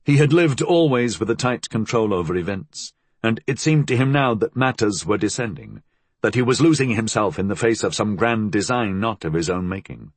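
Man reading a novel aloud, low husky voice, dry close sound. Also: lively intonation, moderate pace, no room sound. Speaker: audiobook narrator. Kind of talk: scripted narration.

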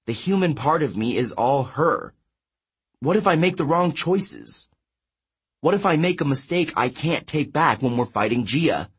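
A man's voice: a little high, very animated, unhurried, breathy edge, voice pushed up, exaggerated voice. A man voicing a serious, worried teenage boy, speaking slightly above his narrating voice.

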